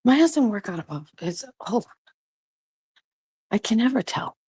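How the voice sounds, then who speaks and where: A woman in her forties chatting casually to camera, slipping into a high cooing voice for her dogs. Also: sing-song, measured pace, a little mellow, husky, dry recording. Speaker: vlogger. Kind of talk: casual vlog chat.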